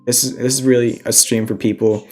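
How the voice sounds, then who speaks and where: A man's voice: medium pitch, level tone, brisk, darkish tone, soft background music. A young man hosting a casual stock trading livestream, a little out of breath, talking through trade ideas and answering chat questions.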